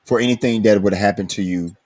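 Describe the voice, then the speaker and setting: A man's voice: on the low side, darkish tone. A man hosting a recovery podcast, talking in an earnest, reflective way. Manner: earnest, reflective, speaks slowly at times. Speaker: podcast host.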